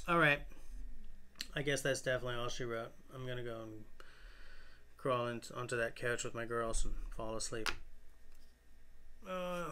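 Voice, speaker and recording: A tired man hosting a casual live stream from his phone, rambling in a relaxed, self-deprecating way. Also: mid-range voice, clean tone. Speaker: bushcraft channel host. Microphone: phone camera.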